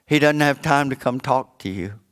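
A man's voice: medium pitch, moderate pace, fairly bright tone, clean tone, lightly acted. A man doing a curt housemaid. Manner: curt, dismissive. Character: brusque female maid guarding the door.

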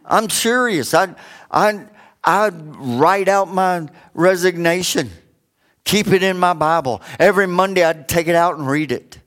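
A middle-aged man preaching a sermon, rising for emphasis and dropping low for joking asides. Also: unhurried, a bit bright. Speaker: pastor.

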